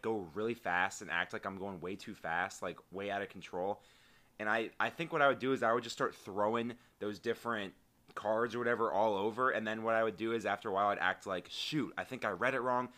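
A man co-hosting a casual podcast, rambling in an animated way while recapping a reality show. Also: lowish voice. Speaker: podcast co-host.

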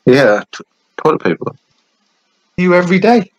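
A young man, chatting on a podcast in a rambling, animated way, full of fillers and restarts. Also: sits high, moderate pace, no echo, highs cut off. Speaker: podcast co-host. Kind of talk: casual chat.

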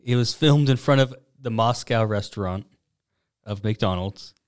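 A man hosting a casual comedic chat, relaxed, laughing as he tells stories. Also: on the low side, unhurried, smooth. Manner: easygoing storyteller, laughs often. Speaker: podcast host presenting news stories.

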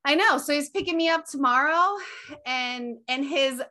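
A woman's voice: sits high, moderate pace, pushed and bright. A young woman hosting a podcast in casual chat, gushing and emphatic and swearing freely. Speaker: podcast host.

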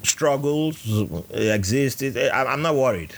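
A man from Nigeria in his thirties, speaking. He tells his stories in an animated way and acts out the other people's voices. His voice sits at a medium pitch. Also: unhurried, slight background noise. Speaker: podcast guest. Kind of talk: casual interview storytelling.

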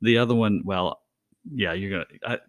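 A man's voice: lowish voice, moderate pace. A man hosting a casual podcast chat, asking questions and laughing often. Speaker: podcast host.

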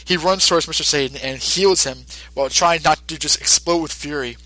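A man's voice: fairly high pitch, fairly quick, pushed and bright, dry recording, poor audio. A male podcast host casually recapping an episode, rambling with lots of fillers.

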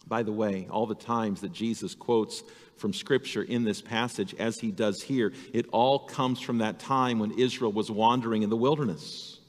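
A man's voice: lowish voice, fairly even intonation, moderate pace. Earnest male pastor in a reverberant hall. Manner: earnest preaching that acts out quoted voices. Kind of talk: sermon.

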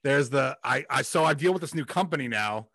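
A laid-back man hosts a casual chat over a video call. He is easygoing and agreeable with his guest. His voice is bright and forceful, and the sound is dry and close. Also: mid-range voice, expressive, fairly quick, dry recording. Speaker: host.

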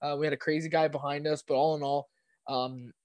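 A young man from Canada chats about sports on a podcast, getting carried away with his stories. His voice sits a little high, and it is recorded close and dry. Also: fairly quick, no room sound. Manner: excitable storyteller, laughs often and repeats himself. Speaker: podcast guest. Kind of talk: casual sports chat.

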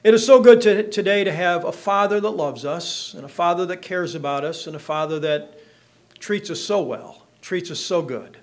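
A man's voice: sits high, normal speed. A middle-aged man preaching in church, reading scripture and joking with the congregation in a folksy way. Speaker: pastor.

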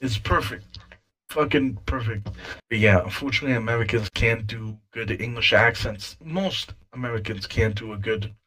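A man's voice: lowish voice, normal speed, fairly bright tone, low-quality recording. A man co-hosting a casual podcast chat, emphatic and opinionated, swearing now and then.

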